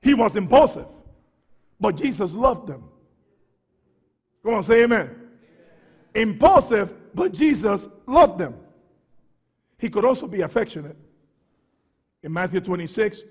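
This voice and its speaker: A pastor delivers a fervent sermon in a husky voice that sits high for a man, swinging from low, quick asides up to shouts. He repeats and stumbles over words as he builds, and long reverb from a large church hall trails after him.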